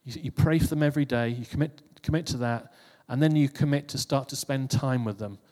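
The speaker is a preacher, a man with a mellow, medium-pitched voice who talks fairly quickly. His informal sermon to the congregation is conversational, with repeated and restarted phrases. Long hall reverb is audible throughout.

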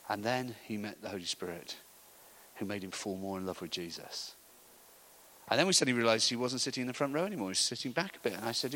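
A middle-aged man telling an animated story in a sermon, acting out the voices of the people in it. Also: mid-range voice, rough recording. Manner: animated storytelling, acts out voices, laughs often. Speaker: preacher. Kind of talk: sermon anecdote.

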